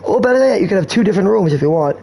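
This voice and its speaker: A man's voice: high voice, animated, very fast, vocal fry, mellow, poor audio. A man streaming a game, talking in a rambling, crude way and telling meandering jokes. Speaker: gaming streamer. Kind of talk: rambling gameplay commentary.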